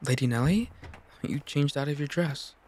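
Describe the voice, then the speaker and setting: A man's voice: on the high side, normal speed, a little mellow, close to an everyday voice. A man voicing a meek pale-haired servant girl who answers politely and hesitantly.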